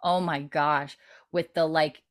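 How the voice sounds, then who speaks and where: A woman's voice: deep voice, steady tone, takes it slowly. A woman in casual chat, retelling a TV episode in detail, peppering her speech with "like" and casual swearing. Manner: chatty, heavy use of "like", swears casually. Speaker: podcast co-host recapping a TV episode.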